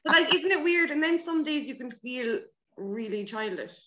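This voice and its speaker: A woman, a teacher, chatting casually in animated, rambling bursts. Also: sits high, normal speed, highs cut off. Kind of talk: casual chat.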